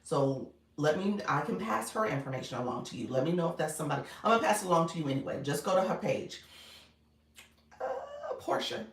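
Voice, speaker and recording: Chatty woman coach with gravelly voice. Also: fairly low pitch, wildly swooping pitch, fairly quick. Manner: chatty and encouraging, laughs often, calls viewers "friend". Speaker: live-streaming coach. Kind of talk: casual livestream chat, greeting viewers and reading comments. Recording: echoey room, voice a bit far from the mic.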